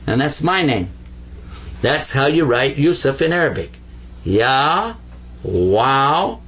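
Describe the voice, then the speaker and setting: A man teaching Arabic letters at a board, patient and playful, repeating each sound slowly for learners. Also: medium pitch, big pitch swings, fairly bright tone, slight background noise. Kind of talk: whiteboard language lesson.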